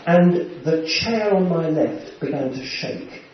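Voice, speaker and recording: A man preaching a sermon, a little high-pitched, taking his time, pausing and clearing his throat now and then. His voice rings around a very echoey hall. The sound is muffled and dull, with a faint hiss underneath. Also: animated.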